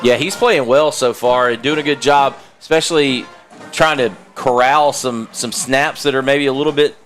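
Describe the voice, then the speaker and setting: A man giving calm, analytical color commentary on a high school football game. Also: normal speed, soft background music. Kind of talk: live sports color commentary.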